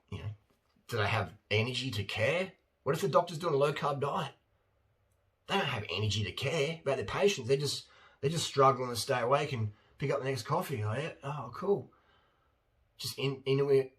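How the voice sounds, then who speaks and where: A man, talking in a casual, blunt monologue and acting out silly voices with bursts of laughter. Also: mid-range voice. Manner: animated, acts out silly voices and laughs often; blunt and opinionated. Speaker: vlogger.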